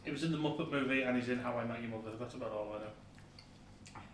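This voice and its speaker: A man's voice: medium pitch, fast talker, distant mic. A man co-hosting a podcast, chatting casually and swearing freely. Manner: sweary, laughs easily. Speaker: podcast co-host. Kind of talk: casual banter. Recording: echoey room, off mic, faint noise.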